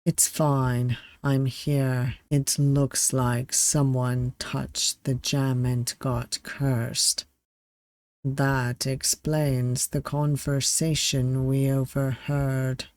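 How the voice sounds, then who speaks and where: Reader doing a calm young male pirate weapon master, unhurried and even. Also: dry recording. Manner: calm, steady, low-key reassurance. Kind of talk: reading a visual novel aloud.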